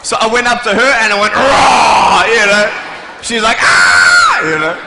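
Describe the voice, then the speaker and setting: A man's voice: high-pitched, fairly quick, shouting, very noisy. A man with an Australian accent giving a humorous motivational speech on stage, a playful storyteller who acts out his scenes. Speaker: motivational speaker. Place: large hall, on stage before an audience. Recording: echoey hall with long reverb.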